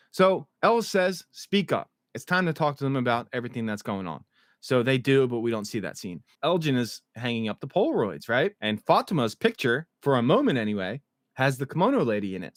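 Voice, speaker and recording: A man's voice: medium pitch, no echo. Casual man recapping episodes, dry sound. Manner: excited, swearing, acts out quotes. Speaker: show recap host.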